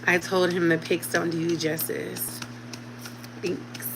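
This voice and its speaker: Chatty mom in her 30s talking to her viewers from home, lowish voice, a little background hum. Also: flat delivery, takes it slowly, vocal fry. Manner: chatty, talks directly to viewers. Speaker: vlogger. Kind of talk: casual chat to camera.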